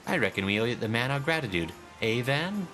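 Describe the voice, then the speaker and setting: A man voicing a folksy, scheming gentleman in a video game, hearty and rustic in manner. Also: medium pitch, very animated, fairly quick, faint music behind, pitched above the performer's own voice.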